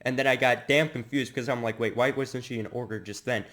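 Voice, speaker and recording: A man's voice: medium pitch, fairly even intonation, a little fast, fairly bright tone. Mock-serious man cracking joking asides. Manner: mock-serious, self-mocking jokes. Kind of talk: comedic commentary aside.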